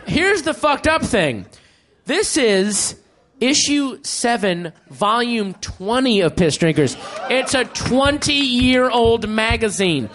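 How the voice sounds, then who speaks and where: A man's voice: extremely high pitch, sing-song, slow pace, a bit bright. A man doing stand-up comedy, profane and emphatic, drawing out his punchlines. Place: comedy club stage with audience laughing.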